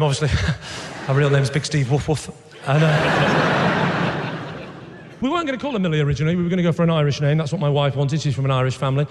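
A man doing a stand-up routine on stage, animated, acting out both sides of dialogues. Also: on the high side, noisy background. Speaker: stand-up comedian. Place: theater stage with audience. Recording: echoey live hall with loud ambience.

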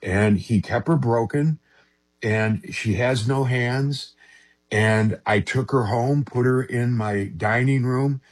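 An interviewee tells his own story with sincerity, stumbling and restarting again and again. He speaks in a mid-range voice.

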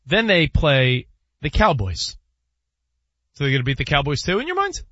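A man on a sports talk show, animated, laughing and arguing his point. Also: fairly high pitch, normal speed, dry recording, dull audio.

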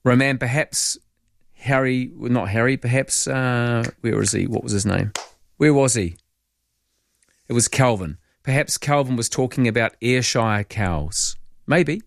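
A man's voice: medium pitch, unhurried, vocal fry, dry recording. Man, new zealand accent, late-night radio host, chatty storyteller, dry close studio sound. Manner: chatty, storytelling, animated in anecdotes. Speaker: overnight radio talk host. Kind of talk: late-night radio chat reading texts. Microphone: studio microphone.

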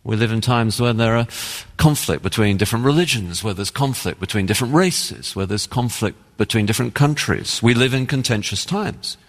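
English-accented pastor preaching in a hall. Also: male voice, a little fast, hardly any pauses. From England. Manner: earnest, emphatic preaching with lively pitch. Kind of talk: sermon. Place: church sanctuary.

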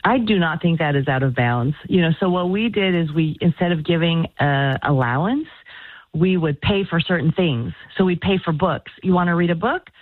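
A woman's voice: on the low side, normal speed, no room sound. A woman guest author giving earnest, encouraging parenting advice on a call-in radio show. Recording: phone-line quality, dry.

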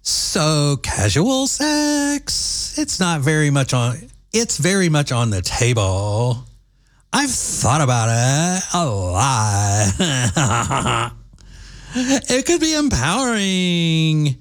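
A man voicing a self-satisfied young woman in a mocking impression, with drawn-out upspeak. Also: a little high, big pitch swings, voice pushed up, heavily acted.

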